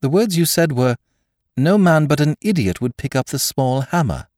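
A man voicing an excitable, nervous young curate who talks in trembling, feverish agitation. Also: on the high side, normal speed, no room sound, clean studio sound, pitched above the performer's own voice, lightly acted. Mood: urgent.

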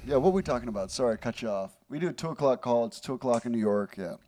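A man who is a comedian and podcast co-host, talking in a relaxed, affectionate, chatty way. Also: mid-range voice, racing. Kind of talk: casual podcast chat.

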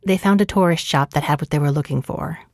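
A woman narrating a story in a calm, measured voice. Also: sits low, dry recording, studio quality. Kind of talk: scripted narration.

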